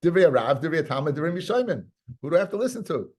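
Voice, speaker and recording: A man's voice: a little high, very animated, rapid-fire, a little mellow. A man doing a cheeky clever schoolboy. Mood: smug. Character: cheeky brilliant young schoolboy, defiant and clever.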